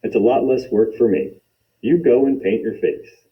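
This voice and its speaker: A man voicing a relaxed, offhand father in a storybook reading. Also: medium pitch, normal speed, far from the mic, lightly acted. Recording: dull lo-fi recording.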